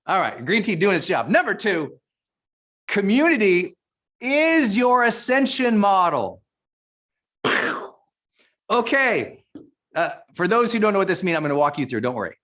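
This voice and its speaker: A man's voice: sits high, normal speed, long pauses. Fired-up man teaching a live webinar. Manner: fired-up, energetic, repeats phrases for emphasis. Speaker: summit speaker.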